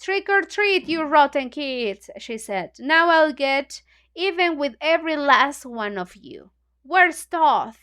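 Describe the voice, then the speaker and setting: A woman's voice: high-pitched, lively intonation, slow, a bit bright, heavily acted. A woman with a Mexican Spanish accent voicing the vengeful ghost of a mean female teacher while reading a storybook aloud. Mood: taunting. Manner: taunting, vengeful, read aloud from a book.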